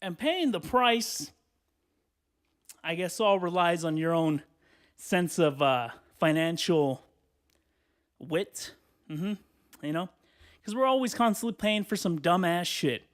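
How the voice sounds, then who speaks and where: A man in his twenties ranting on his own podcast, swearing freely in animated casual talk. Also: high voice, slow, pauses often. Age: 20s. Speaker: podcast host. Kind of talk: solo podcast rant.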